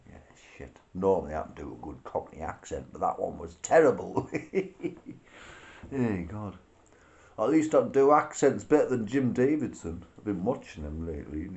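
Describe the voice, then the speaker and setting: A man's voice: low voice, expressive, normal speed, a little mellow, dull audio. A man delivering a profane, sarcastic rant to camera, laughing between his remarks. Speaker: political vlogger. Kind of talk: ranting monologue.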